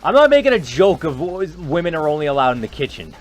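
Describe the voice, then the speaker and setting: A man giving rambling, joking gameplay commentary, excitable and chatty. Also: a little high, quick pace. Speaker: gaming video host.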